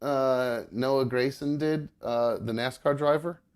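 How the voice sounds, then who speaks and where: This podcast co-host talks from home with pets around, his medium-pitched, darkish voice smooth and steady at a slow pace. The casual chat rambles along, full of ums and uhs, and he laughs easily.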